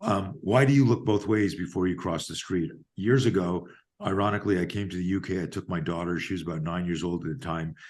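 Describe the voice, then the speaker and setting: Deep low guy in his 50s, podcast guest, emphatic and animated when telling stories. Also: brisk. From Canada. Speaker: guest, self-defense coach. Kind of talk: podcast interview storytelling.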